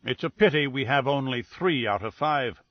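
A man voicing an imperious older male detective who speaks in a measured, formal and precise way. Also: medium pitch, animated, no room sound, lo-fi sound, lightly acted. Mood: formal, deliberate.

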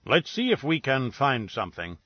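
Man doing a formal, measured detective. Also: mid-range voice, huge pitch swings, breathy edge, dry recording. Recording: dull lo-fi recording.

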